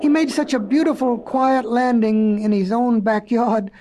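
A woman narrating a storybook in an expressive, playful way with dramatic pauses. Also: on the high side. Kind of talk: storybook reading.

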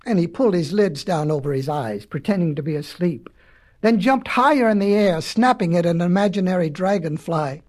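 A storyteller reading a fable aloud to children in a dramatic, expressive way with playful asides. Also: mid-range voice, normal speed.

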